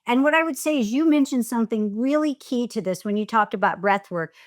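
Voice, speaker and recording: A middle-aged woman divorce coach speaks as a podcast guest and explains ideas plainly and calmly. Her voice sits a little high. The sound is dry and close. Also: a little fast, no echo.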